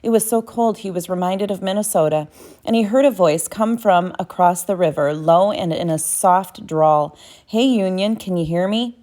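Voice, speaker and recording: A woman's voice: on the low side, moderate pace, mellow. A woman narrating a novel as an audiobook, reading steadily with small self-corrections.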